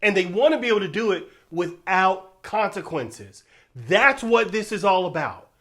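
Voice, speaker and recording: A man with a fairly high voice delivers emphatic video commentary straight to his audience. He talks in an earnest, direct way and keeps addressing viewers as y'all. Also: animated, moderate pace, a bit bright. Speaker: online commentator.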